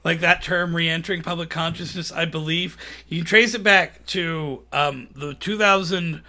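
Bright-voiced man spouting trivia. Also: fairly high pitch, fairly even intonation, moderate pace. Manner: trivia-spouting, jokey, drifts into mock voices. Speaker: podcast co-host. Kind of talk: casual chat.

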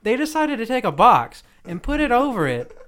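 A man's voice: extremely high pitch, wildly swooping pitch, moderate pace, a bit bright. A young man on a podcast, chatting casually with friends and dropping dry, wry comments. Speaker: podcast co-host. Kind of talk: casual chat.

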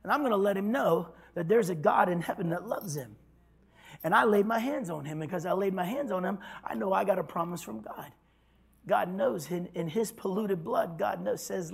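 Husky high-voiced preaching pastor. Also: male voice, normal speed. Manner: storytelling preacher, swinging from loud to hushed. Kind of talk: sermon.

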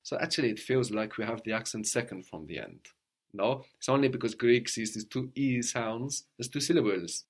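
A man's voice: mid-range voice, moderate pace. A man teaching a language lesson, patiently prompting his student and often checking with a questioning "no?".

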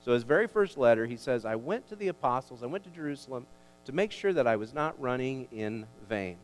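A male pastor delivering a sermon in an emphatic, animated way, stumbling and restarting as he builds his points. His voice sits at an ordinary middle pitch. A long reverb trails behind him, as in a church sanctuary. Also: brisk.

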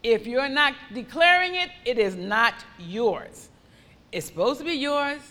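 A woman preaching a sermon with fervent, repetitive declarations that rise into loud praise. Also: sits high, expressive, unhurried, long reverb tail.

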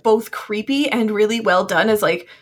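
A young woman co-hosting a podcast, reacting and giving her opinions in casual chat about a TV episode. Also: medium pitch. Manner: agreeable, chimes in with quick reactions and opinions. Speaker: podcast co-host.

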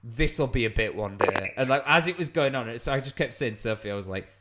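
Animated British man telling a story. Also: mid-range voice, a little fast, heavy background noise. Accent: British English. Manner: animated anecdote-telling with laughs. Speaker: comedian guest. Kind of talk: casual storytelling chat.

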